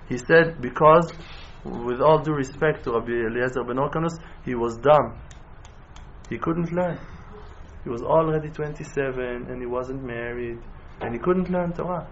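A male rabbi's sermon, captured in a dull lo-fi recording with faint noise, mixes non-native English with Hebrew terms. Impassioned throughout, he swings from quiet storytelling to loud, rising exhortation.

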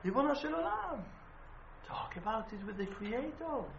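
A man with a high voice preaches with fervour, dropping to a near-whisper and then rising to loud rhetorical questions. His phrasing is that of a non-native speaker. The room is echoey and the sound is dull and muffled, with a faint hiss behind. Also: very animated, normal speed, gravelly. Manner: impassioned storytelling, swinging between hushed and loud. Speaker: rabbi teaching a Torah class. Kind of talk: sermon.

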